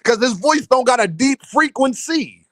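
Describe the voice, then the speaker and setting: A man's voice: very high-pitched, lively intonation, normal speed, a bit bright, dry recording. A man hosting a livestream, teasing and trash-talking chat members with frequent laughter. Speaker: livestream host. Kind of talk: casual livestream banter.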